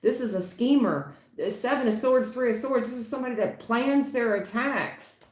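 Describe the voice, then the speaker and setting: A woman's voice: on the high side, moderate pace, darkish tone, echoey room. A woman doing a livestream tarot reading, blunt and emphatic, swearing casually as she lays out the cards. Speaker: tarot reader.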